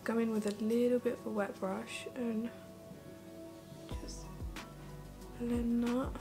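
Woman, beauty vlogger, fairly high voice, gravelly fry, chatty, rambling, lots of "like", faint music behind. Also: flat delivery, slow. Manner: chatty, rambling, heavy use of "like". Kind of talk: casual get-ready-with-me chat.

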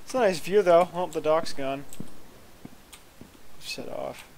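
A slightly high-pitched man gives loose, crude gameplay commentary, swearing and joking as he plays. He often mutters half to himself. Faint noise sits under his voice. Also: slow, gravelly, a little mellow. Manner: mutters reactions to the game. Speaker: let's play host.

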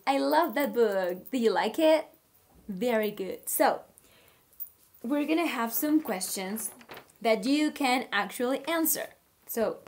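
Woman, online kindergarten teacher, higher voice, very slow and clear, upbeat and encouraging. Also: a little mellow. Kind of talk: online class, reading a picture book aloud. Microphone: computer microphone on a video call.

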